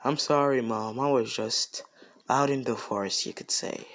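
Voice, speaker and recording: A man voicing a gentle giant of a young son, speaking in his own plain, easygoing way. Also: medium pitch, fairly even intonation, normal speed, natural voice. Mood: calm.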